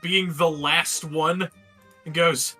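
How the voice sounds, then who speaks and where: A man acting as game master, narrating a tabletop game with lively delivery, laughing often and swearing freely. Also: on the high side, takes it slowly, soft background music.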